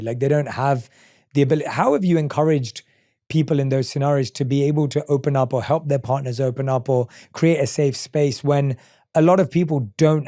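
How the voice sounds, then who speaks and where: A man's voice: mid-range voice, mellow. A man hosting a podcast, asking long, reflective questions. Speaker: podcast host. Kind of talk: podcast interview.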